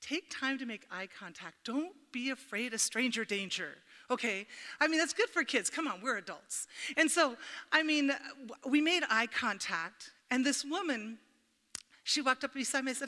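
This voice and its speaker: A woman's voice: a little high, animated, fairly quick, pushed and bright. A middle-aged woman giving an informal devotional talk at a church gathering, chatty and humorous, telling personal stories and speaking straight to her listeners. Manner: chatty and humorous, addresses the audience directly. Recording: reverberant hall.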